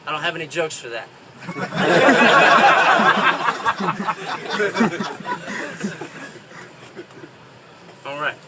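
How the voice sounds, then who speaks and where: A man's voice: on the high side, racing, hardly any pauses, far from the mic. Man telling bar jokes, noisy outdoors. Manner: folksy, chuckles at own jokes. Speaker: stand-up comedian. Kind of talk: stand-up joke telling.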